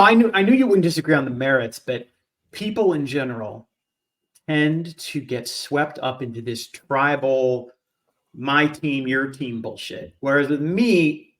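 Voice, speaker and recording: Blunt, opinionated man, raised pitch. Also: a bit bright. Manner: blunt, emphatic, swears freely. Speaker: podcast co-host. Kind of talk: casual political chat.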